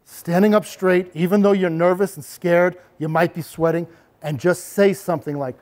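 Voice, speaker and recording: High-voiced man giving a workshop talk. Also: moderate pace. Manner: demonstrative, acts out calm assertive speech. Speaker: anti-bullying presenter. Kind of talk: workshop presentation to parents.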